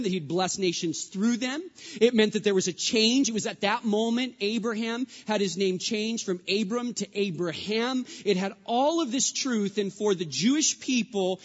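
A male pastor preaching a sermon, emphatic, repeating refrains and swinging between loud and hushed lines. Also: sits high. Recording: dull sound with long hall reverb.

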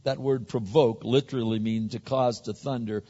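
A man's voice: medium pitch, fairly even intonation, moderate pace, dark tone, breathy edge. A male pastor preaching a conversational sermon, often repeating words as he builds to a point. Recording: muffled sound with long hall reverb.

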